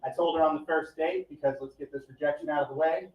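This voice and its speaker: A man doing a stand-up set at a live comedy event, with a deadpan, profane, rambling delivery. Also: fairly high pitch, fast talker. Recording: echoey, distant, dull live recording.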